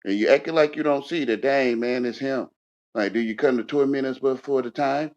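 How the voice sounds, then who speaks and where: A man's voice: mid-range voice, a little fast. Ranting man with dull lo-fi sound. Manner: repetitive, confrontational, swings from shouting to muttering. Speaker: panel speaker. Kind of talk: heated casual rant.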